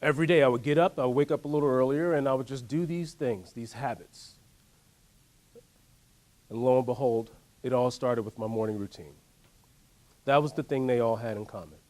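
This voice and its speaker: A man giving a motivational workshop talk, telling a story in an animated way and asking the audience to join in. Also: mid-range voice, a little fast, pauses often. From United States. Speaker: workshop speaker. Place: workshop room.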